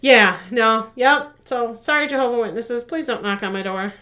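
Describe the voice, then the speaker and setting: A woman's voice: on the high side, normal speed, pushed and bright. A woman co-hosting a casual podcast, telling family stories and laughing through them. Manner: storytelling, laughing through anecdotes. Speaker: podcast co-host. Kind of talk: casual chat.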